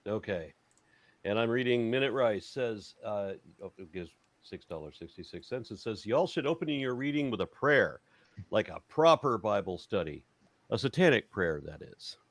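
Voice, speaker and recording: Irreverent male host reading scripture, animated voice, dry close sound. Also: lowish voice, moderate pace, dry recording. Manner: jokey, irreverent, breaks off reading to joke. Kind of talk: casual panel chat and scripture reading.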